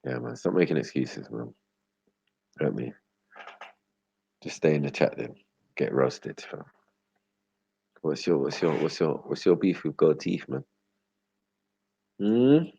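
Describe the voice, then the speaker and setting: A man's voice: extremely low pitch, very animated, slow, gravelly, long pauses, warm tone, breathy edge. A man hosting a casual livestream, teasing his viewers in slangy, swearing chat. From Britain. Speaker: livestream host. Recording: dull lo-fi stream audio.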